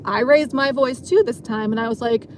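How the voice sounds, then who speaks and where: A woman's voice: a little high, normal speed, a little hiss or hum. A woman casually telling a long story from her job as a dancer, rambling and filling her sentences with "like". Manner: rambling, filler-heavy, frequent "like".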